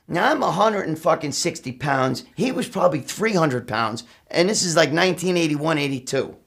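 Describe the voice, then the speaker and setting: Husky, high-voiced New man swearing. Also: fairly quick, few pauses. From New York. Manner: swears constantly, rambling, animated. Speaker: storyteller. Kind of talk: profane casual storytelling.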